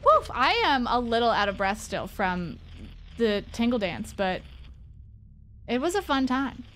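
A woman gaming streamer giving casual let's-play commentary, excitable and goofy, swearing freely and chatting with her viewers. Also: a little high, a little slow, a little hiss or hum.

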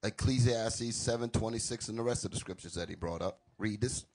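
A man's voice: lowish voice, darkish tone, slight background noise. A man adding blunt, informal comments during a sermon. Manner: blunt, informal, quick remarks. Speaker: co-teacher.

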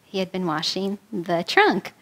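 A woman minister from New York City leading a guided prayer and telling stories in a sermon, slow and soothing in prayer, livelier in her stories. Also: fairly low pitch, sing-song.

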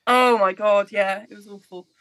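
A woman co-hosting a podcast in casual chat, talking quickly and often laughing. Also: mid-range voice, fairly even intonation, fairly bright tone, no room sound. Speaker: podcast co-host.

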